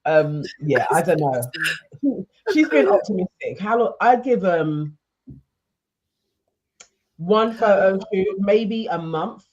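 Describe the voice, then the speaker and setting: A woman's voice: lowish voice, expressive, slow pace, long pauses, darkish tone, lo-fi sound. A woman co-hosting a podcast, chatting casually in a laid-back, hesitant way. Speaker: podcast co-host. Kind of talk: casual reality-TV recap chat.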